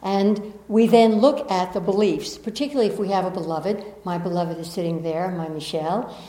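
A woman's voice: lowish voice, moderate pace, warm tone. A middle-aged woman with a Southern American accent, a spiritual teacher giving an earnest, reflective talk to an audience with playful asides. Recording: echoey room.

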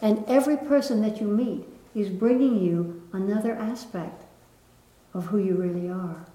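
Woman, spiritual teacher, gentle lilting delivery, live audience, roomy echo. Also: medium pitch, moderate pace. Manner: gentle, lilting, with soft laughs. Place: room with an audience. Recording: echoey room.

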